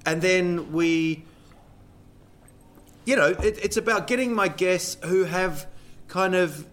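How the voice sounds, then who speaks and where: A man's voice: high-pitched, takes it slowly, fairly bright tone. A man in his thirties hosting a podcast, chatting casually and jokily, trailing off into fillers as he talks. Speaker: podcast host. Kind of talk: casual chat. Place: Sweden.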